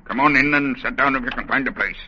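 A man's voice: medium pitch, quick pace, a little hiss or hum, close to an everyday voice. An actor playing a bossy, evasive camp foreman who barks orders and stammers when nervous, in 1940s radio acting. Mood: gruff. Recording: dull old radio recording.

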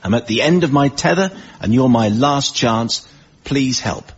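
A man's voice: mid-range voice, animated, husky. Male panel show host, lo-fi. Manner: brisk, reads scores and letters. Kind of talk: comedy panel show hosting. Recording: dull broadcast audio with audience.

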